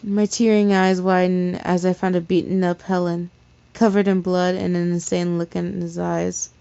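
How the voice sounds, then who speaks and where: A woman's voice: fairly low pitch, flat delivery, normal speed, creaky, warm tone, clean tone, dry recording. A woman reading a fan fiction story aloud in a casual way, stumbling over words and correcting herself. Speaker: story reader. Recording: slightly dull lo-fi recording.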